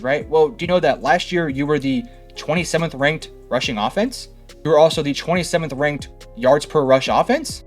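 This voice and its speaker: Sarcastic, heated young sports commentator man. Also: on the high side. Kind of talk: opinionated sports analysis monologue.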